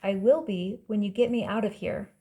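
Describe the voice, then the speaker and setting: A man's voice: high voice, fairly even intonation, moderate pace, mellow. A woman voicing a trapped young man with dry, wisecracking humor. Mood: wry. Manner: dry, joking under strain.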